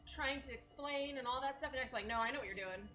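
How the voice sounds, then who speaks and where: A woman co-host chatting casually on a livestream, agreeable and quick to laugh. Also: high-pitched, pushed and bright.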